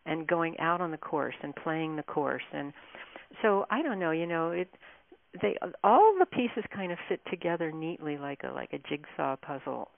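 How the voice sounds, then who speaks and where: A woman with a low voice talks as a guest on a radio show, rambling warmly from one story to the next. The sound is dry, squeezed through a narrow phone line. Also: animated, moderate pace, creaky, dry recording. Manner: chatty, meandering storytelling. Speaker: author and guest. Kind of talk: casual radio interview.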